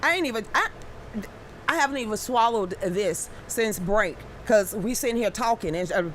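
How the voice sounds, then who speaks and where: A woman's voice: on the high side, animated, normal speed, fairly bright tone, slight background noise. A woman hosting a casual live stream, reacting to viewer comments with stammering restarts and sudden exclamations.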